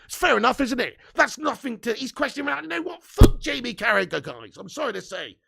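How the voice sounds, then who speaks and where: High, gravelly, swearing man. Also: sing-song, fast, heavy background noise. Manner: profane, ranting, indignant. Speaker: fan channel host. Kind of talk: live stream rant.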